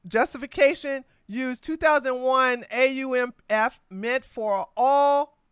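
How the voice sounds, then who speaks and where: A woman's voice: high voice, slow pace, clean tone, dry recording. A woman hosting a livestreamed political commentary podcast, talking in a combative, mocking way with frequent laughter. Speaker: podcast host.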